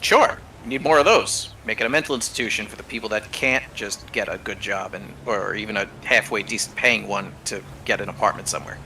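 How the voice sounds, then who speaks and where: A man chatting casually as a streamer co-host, telling lively stories and swearing freely. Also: fairly low pitch, brisk, hardly any pauses, distant mic, a little hiss or hum, rough recording. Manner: animated storyteller, swears freely. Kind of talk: casual chat while gaming.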